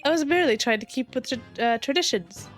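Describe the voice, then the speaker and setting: A vain, preening dandy from a video game, all haughty airs and theatrical scorn, as a woman voices him. He talks in a raised, higher voice, puffed up with self-importance. Faint game music plays underneath. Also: animated, brisk. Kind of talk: fan voicing of game dialogue.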